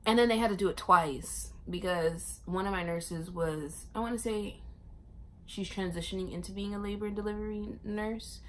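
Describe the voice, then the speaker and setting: A young woman vlogger telling a long personal story in a casual, animated way, acting out other people's lines in a raised voice. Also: medium pitch, moderate pace, a little hiss or hum. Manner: animated, acts out the nurses' and her own lines in raised voices, laughs often.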